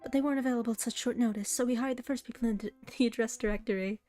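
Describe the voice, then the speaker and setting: A woman voicing a young, naive noble girl who is a cat, high and chirpy. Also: steady tone, very fast, faint music behind, natural voice. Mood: sweet, chirpy. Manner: bright, chirpy and polite.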